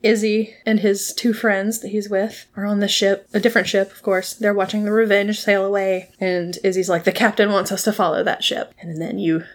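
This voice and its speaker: A woman's voice: medium pitch, normal speed, hardly any pauses. A woman chatting casually, recapping a TV episode with lots of laughter and playful voices for the characters. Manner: animated, laughs often, acts out characters' lines. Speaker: podcast co-host recapping a TV episode. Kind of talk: casual chat.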